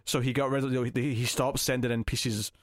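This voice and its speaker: A man's voice: medium pitch, fairly quick, dry recording, clean studio sound. A man co-hosting a podcast, chatting casually about a film and acting out scenes as he retells them. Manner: animated retelling, acts out scenes in quoted voices. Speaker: podcast co-host. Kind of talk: casual film review chat.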